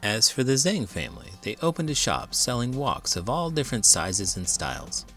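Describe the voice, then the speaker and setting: A man reading a children's picture book aloud with dramatic, expressive storytelling. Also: medium pitch, moderate pace, soft background music. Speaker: teacher and children's book reader. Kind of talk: children's read-aloud narration.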